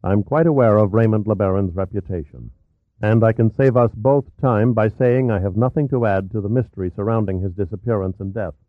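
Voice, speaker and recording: A man's voice: lowish voice, fairly quick, no room sound, lightly acted. A man playing a dry, sarcastic adventurer. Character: sardonic, indifferent male adventurer. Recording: tinny phone-like, dry.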